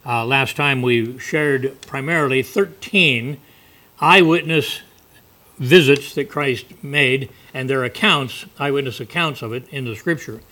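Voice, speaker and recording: A man's voice: medium pitch, a little slow, sharp tone. A male preacher giving a folksy, conversational sermon with asides.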